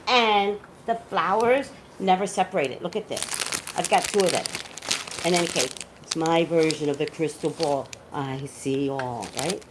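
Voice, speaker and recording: A woman's voice: lowish voice, normal speed, heavy background noise. A woman working as a psychic tarot reader, chatting casually and emphatically to her viewers, saying "like" a lot. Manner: chatty, animated, says "like" a lot. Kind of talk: casual chat to camera.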